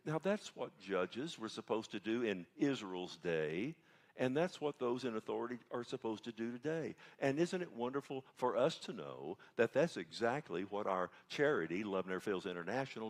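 A man's voice: mid-range voice, animated, moderate pace. Preacher guy in a church, folksy sermon, keeps asking the crowd "amen?". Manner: folksy, conversational, asks the congregation for responses. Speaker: pastor. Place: church sanctuary.

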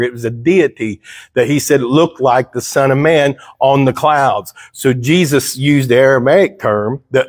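In church, a pastor preaches a Bible-teaching sermon, reading scripture aloud and explaining it conversationally while posing questions to the congregation. His voice sits at a medium pitch. The audio is studio quality, without echo.

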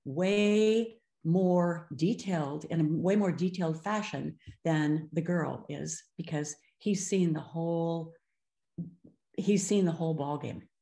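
An older woman, working as a speech-language clinician, delivers a webinar lecture in a low, slow voice with vocal fry and a warm tone. She speaks expressively and slips into other voices when quoting children and parents. The recording has a roomy echo.

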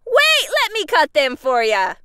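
An overly helpful woman in a cartoon, voiced by a man. Her voice is very high and bright, and she speaks slowly. She fusses and apologizes constantly. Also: wildly swooping pitch, no echo, studio quality, exaggerated voice. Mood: fussy. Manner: insistent, apologetic.

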